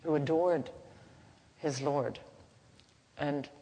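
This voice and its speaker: A woman teaching in a gentle, unhurried, halting way, softly chanting at times, in a reverberant hall. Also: deep voice, fairly even intonation. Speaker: spiritual teacher. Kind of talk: devotional teaching talk. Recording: reverberant hall, faint background noise.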